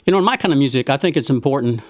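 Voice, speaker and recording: A man's voice: mid-range voice, lively intonation, very fast, no room sound, studio quality. Folksy man introducing his songs. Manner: folksy storytelling, earnest; tongue-in-cheek humor. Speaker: singer-songwriter hosting a virtual house concert. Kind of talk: spoken song introductions. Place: home, live-streamed concert.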